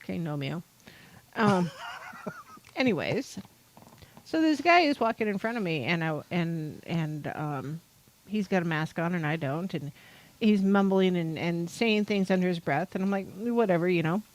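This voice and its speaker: A woman's voice: lowish voice, lively intonation, unhurried, rough recording. A woman from North Idaho hosting a podcast, chatting casually and rambling with exasperation and many fillers. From North Idaho, United States. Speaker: podcast host. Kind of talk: casual chat.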